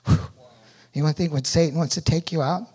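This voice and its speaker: A middle-aged man giving a sermon testimony, telling his story with animated energy that rises loud at its peaks. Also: on the high side, fast talker, breathy edge. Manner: animated storytelling, rising loud when reliving pain.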